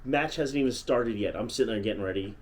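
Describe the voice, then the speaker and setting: A man co-hosting a podcast in casual chat, chiming in with short agreements and drawn-out remarks. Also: lowish voice. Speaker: podcast co-host.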